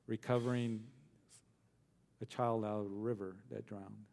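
A middle-aged male pastor teaching a verse-by-verse sermon, earnest, repeating phrases for emphasis and slowing down on key words. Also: lowish voice, steady tone, gravelly, a little mellow.

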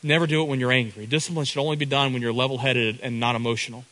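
A man's voice: mid-range voice, steady tone, rapid-fire, pushed and bright, rough recording. A middle-aged man preaching a sermon, earnest, often repeating and restarting his words.

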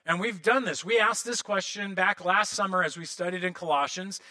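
Man, pastor, sermon, high voice, very bright tone, animated delivery. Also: normal speed. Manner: animated, acts out prayers and quotes in different voices.

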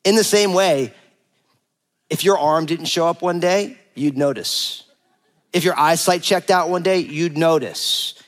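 Preaching a sermon, this pastor in his forties tells a funny personal story, his voice on the high side and his pace unhurried. He's animated and playful, performing the quoted dialogue himself.

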